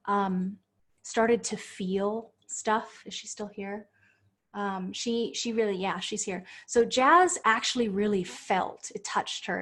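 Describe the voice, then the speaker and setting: A woman coach leading a live group session, gently guiding listeners into their feelings and explaining. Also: medium pitch, breathy edge. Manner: soothing, guiding, speaks slowly when leading feelings. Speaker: Human Design coach.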